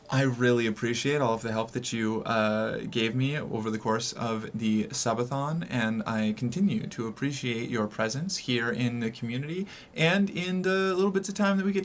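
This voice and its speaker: A young man from the US Northeast streaming and chatting casually with viewers, talkative and rambling with many fillers. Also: mid-range voice. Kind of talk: casual chat reading viewer messages.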